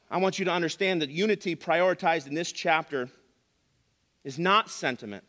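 Bright-voiced male pastor preaching in a hall. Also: on the high side, moderate pace. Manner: emphatic preaching, repeats key phrases, dry sarcasm. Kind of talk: sermon. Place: church sanctuary.

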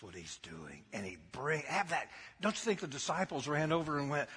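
A man's voice: fairly high pitch, very animated, moderate pace, hardly any pauses, a bit bright, husky. A man preaching a sermon who keeps putting questions to the congregation and tells the story with laughter. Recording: long hall reverb.

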